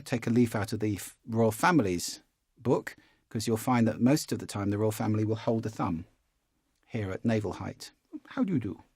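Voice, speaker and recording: A man, a public speaking coach giving a relaxed, conversational course lesson and demonstrating as he explains. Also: on the low side, husky, dry recording, clean studio sound.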